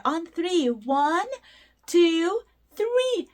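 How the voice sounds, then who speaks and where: A young woman hosting a toddler lesson, talking slowly in an exaggerated, sing-song, encouraging way. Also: sits high, animated. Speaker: children's show host. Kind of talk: teaching toddlers through play.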